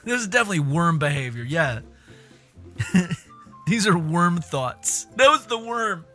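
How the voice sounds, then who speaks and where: A man's voice: sits high, lively intonation, unhurried, long pauses, pushed and bright, faint music behind. A man streaming a casual reaction chat, incredulous, laughing and swearing.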